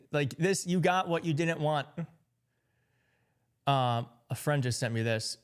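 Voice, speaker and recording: A man's voice: on the high side, takes it slowly, pauses often, smooth. A man hosting a casual live stream, reacting sarcastically to chat messages and news clips. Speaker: livestream host.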